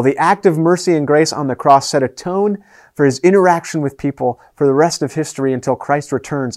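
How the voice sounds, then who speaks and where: A man preaching a sermon as pastor, earnest, moving between raised and hushed delivery. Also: a little high.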